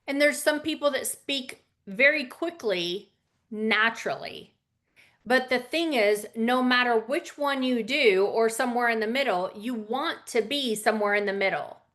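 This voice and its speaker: A woman's voice: on the high side, fairly bright tone. A woman teaching a casual lesson on public speaking, conversational with fillers and asides.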